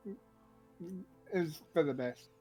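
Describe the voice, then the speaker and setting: Slow-talking laid-back stream co-host. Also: medium pitch, mellow, soft background music. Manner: laid-back, laughs often. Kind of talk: casual chat.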